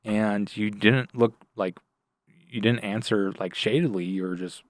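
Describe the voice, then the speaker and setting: A man's voice: on the low side, fairly even intonation, unhurried, dry recording, clean studio sound, natural voice. A man quoting an alarmed, shaken woman employee in an anecdote. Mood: upset. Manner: upset, pleading.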